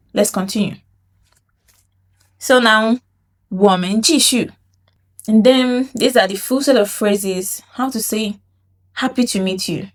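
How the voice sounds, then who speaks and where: A woman teaching a Mandarin lesson in English, saying phrases slowly and drawing them out for learners to repeat. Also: medium pitch. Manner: slow, drawn-out model phrases for learners to repeat; explains in English, demonstrates in Mandarin. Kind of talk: language lesson with repetition drills.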